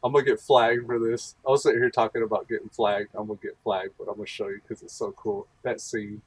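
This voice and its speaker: A man's voice: fairly low pitch, flat delivery, quick pace, slight background noise. A man hosting a gaming channel, rambling through casual gameplay commentary and laughing often.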